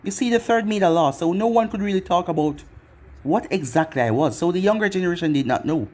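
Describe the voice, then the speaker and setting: A man's voice: high voice, lively intonation, quick pace, darkish tone. A man narrating a fan story in first person, with sarcastic asides.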